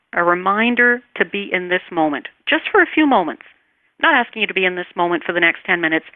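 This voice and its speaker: A woman teaching meditation in an interview, speaking calmly and soothingly, and her voice trails off softly as she guides the breathing. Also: medium pitch, no room sound. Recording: tinny phone line, dry.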